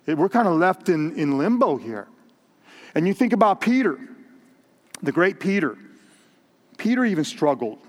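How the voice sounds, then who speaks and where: A man preaching a sermon in a conversational way, repeating words and asking the congregation questions. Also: a little high. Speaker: pastor. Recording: long reverb in a hall.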